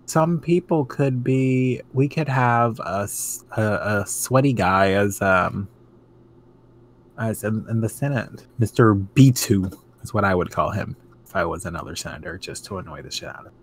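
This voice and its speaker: A man's voice: fairly low pitch, normal speed. A man co-hosting a casual podcast chat, ranting animatedly and swearing freely. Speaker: podcast co-host.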